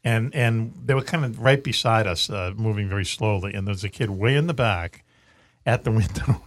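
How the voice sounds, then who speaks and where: Middle-aged guy hosting late night radio, husky, jokey, lots of uhs. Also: on the low side, moderate pace, no echo. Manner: joking, chatty, many fillers. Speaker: radio show host. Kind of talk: casual radio chat. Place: radio studio.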